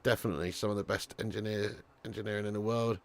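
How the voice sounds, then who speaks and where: A man's voice: lowish voice, fairly even intonation, fast, gravelly. Chatty man hosting a football watch-along. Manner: casual and chatty, swears, calls viewers lad. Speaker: streamer and watch-along host. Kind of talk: live football watch-along commentary, reading chat.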